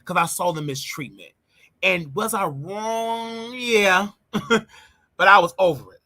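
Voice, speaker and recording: A man hosting his show, telling a personal story in an emotional, animated way and often repeating himself. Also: high voice, slow pace. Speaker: show host.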